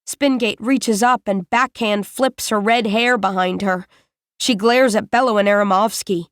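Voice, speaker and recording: A woman reading a first-person novel aloud as an audiobook narrator, in a measured, deliberate way. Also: a little high, no room sound, clean studio sound.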